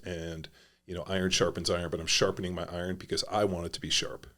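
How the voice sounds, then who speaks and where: Middle-aged male guest with a very low voice, rambling, filler-heavy and profane. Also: fairly even intonation, fast, bright, forceful tone. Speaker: podcast guest, former pro football player. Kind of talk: casual conversational storytelling.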